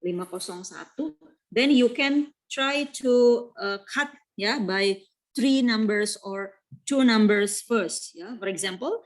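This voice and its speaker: Slow, hesitant Indonesian woman teaching. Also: mid-range voice. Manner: hesitant, many fillers, slow. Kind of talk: classroom lesson explanation.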